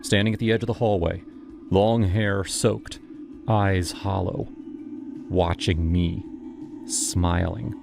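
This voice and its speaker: A man narrating a first-person horror story in a measured, dramatic way. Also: low voice, fairly even intonation, gravelly. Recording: music playing behind.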